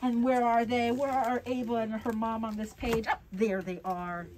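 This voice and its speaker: A woman, a picture-book author, reading aloud to children at a bookstore, playful and expressive and chatting with her audience. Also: a little high, normal speed, very noisy. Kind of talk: animated read-aloud for kids.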